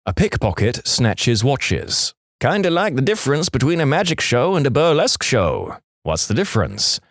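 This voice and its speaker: A man hosting a podcast, reading jokes aloud in a deadpan way. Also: medium pitch, moderate pace, hardly any pauses, dry recording, clean studio sound. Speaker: podcast host.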